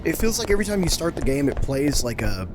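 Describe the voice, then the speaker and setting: Excitable swearing man playing a horror game. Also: on the high side, fast talker, noisy background. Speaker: gaming YouTuber. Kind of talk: let's play commentary.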